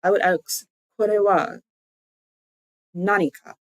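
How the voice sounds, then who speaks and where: Someone teaching language on a live stream chats loosely, saying "like" a lot, thinking aloud and correcting themself mid-sentence. The middle-pitched voice is steady and slow, dry and close with no room sound, on a low-quality recording.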